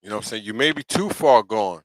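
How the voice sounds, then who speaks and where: A middle-aged man with a New York accent talks straight to his livestream viewers in a loose, preachy monologue, checking in with "you know what I'm saying?" over and over. His voice sits fairly low. The sound is close and dry, with no room echo. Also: expressive, fast. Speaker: live talk show host.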